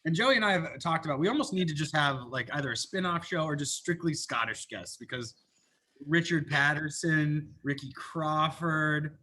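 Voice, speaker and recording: A man's voice: fairly high pitch, moderate pace, sharp tone. A man who produces the show, chatting casually and enthusiastically, stumbling over his words as he tells stories. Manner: enthusiastic, stumbles and restarts, laughs while telling stories. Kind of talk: casual chat.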